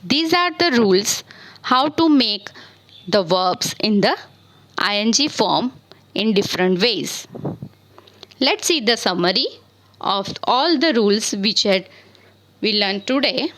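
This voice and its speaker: A woman teaches a spelling lesson at an unhurried, deliberate pace, spelling out every word letter by letter. Her pitch sits in a middle range. She poses questions to her students and then answers them herself, recorded on a simple phone or laptop mic at home. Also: expressive, fairly bright tone, poor audio. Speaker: English teacher. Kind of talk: slow spelling lesson on verbs.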